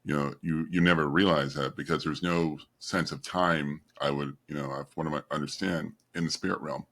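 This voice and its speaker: Deep, bright-toned male podcast host. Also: fairly even intonation, normal speed. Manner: easygoing, reflective, lots of "you know". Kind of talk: casual interview chat.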